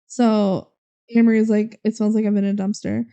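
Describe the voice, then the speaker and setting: A woman's voice: medium pitch, flat delivery, fast, warm tone, clean tone. A young woman co-hosting a podcast, casually recapping a movie and acting out the characters' lines. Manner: retells scenes with quoted character lines, frequent "like" and "um". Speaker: podcast co-host.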